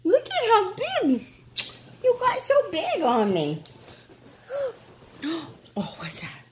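Woman, high voice, animated, slow, baby talk to pets, laughing, phone video at home. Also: noisy background. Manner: baby talk to dogs and a toddler, laughs often. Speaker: vlogger, dog owner. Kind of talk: casual home video chat. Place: indoors at home with dogs. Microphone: handheld phone.

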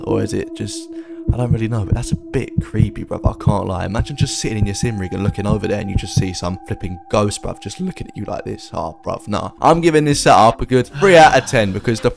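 A man's voice: medium pitch, gravelly. A young man giving casual, joking reaction commentary on viewers' sim racing setups, full of slang. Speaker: YouTuber rating viewers' setups.

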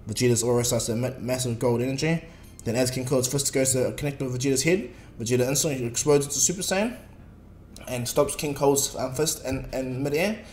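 A man's voice: medium pitch, a little fast, a little mellow, a little hiss or hum. A man casually narrating a fan story in a rambling way, with filler words. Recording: echoey room, faint music.

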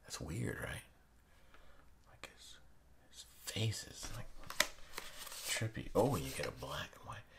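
Excitable deep-voiced man unboxing cards. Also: slow pace, creaky, long pauses, in a whisper. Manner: excitable, chatty, drops to a hush. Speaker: playing card channel host. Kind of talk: casual unboxing commentary. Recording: noisy room with card handling sounds. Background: shuffling cards and clicks.

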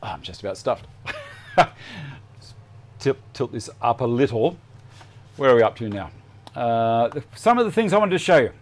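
A man's voice: medium pitch, big pitch swings, moderate pace, long pauses. A middle-aged Australian man hosting a live woodworking show, chatting casually and thinking aloud as he works at the bench. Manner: chatty, self-deprecating, thinks aloud while working. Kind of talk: live workshop demonstration chat.

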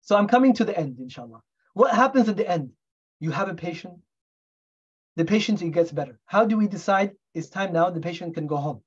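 A man's voice: high voice, lively intonation, brisk, breathy edge, dull audio. A middle-aged man from the UK, a doctor giving a talk on medical history in a storytelling way, often asking the audience rhetorical questions. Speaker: guest speaker, doctor.

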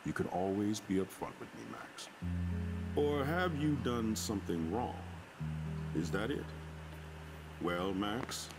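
An actor playing a calm, authoritative middle-aged school principal in a game. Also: male voice, lowish voice, over music, poor audio. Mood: stern. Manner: measured, authoritative.

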